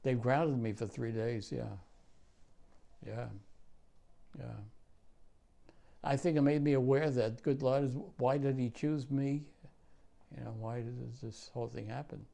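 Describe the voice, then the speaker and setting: A man in his nineties, a war veteran, telling his story in an oral history interview, profane and halting with many restarts. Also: mid-range voice, fairly even intonation, gravelly, dark tone. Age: 90s.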